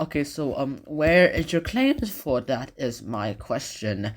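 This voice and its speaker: A video lecturer talks through a history lesson casually, dropping sarcastic asides between points while his phrasing rambles, circles back, and fills with fillers and restarts. His voice is medium-pitched with big pitch swings, slow, and has few pauses.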